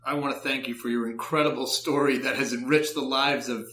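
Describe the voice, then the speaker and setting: A man's voice: medium pitch, fairly even intonation, brisk, sharp tone. A male interview host asking brief, encouraging questions. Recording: echoey room.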